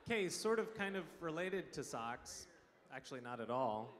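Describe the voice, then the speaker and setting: A man's voice: on the high side, big pitch swings, normal speed, a bit bright. A man moderating a school chapel Q&A, playfully reading out questions from others. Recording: reverberant chapel hall.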